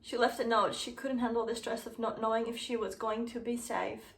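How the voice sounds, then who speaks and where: A young woman YouTuber reading fanfiction aloud and mocking it, sarcastic and quick to swear. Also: on the high side, fairly even intonation, creaky. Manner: sarcastic, swears freely, breaks into laughter.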